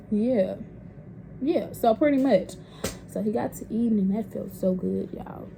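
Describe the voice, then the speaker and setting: A woman's voice: medium pitch, vocal fry, dark tone, a little hiss or hum. A young woman telling a personal story in a casual vlog, candid and profane. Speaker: vlogger.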